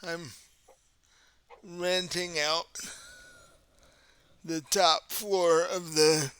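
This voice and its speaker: A man voicing a composed, centuries-old vampire prince who speaks with calm courtesy, in a tabletop game. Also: on the high side, clean tone. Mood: courteous. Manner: calm, courteous, unhurried host tone.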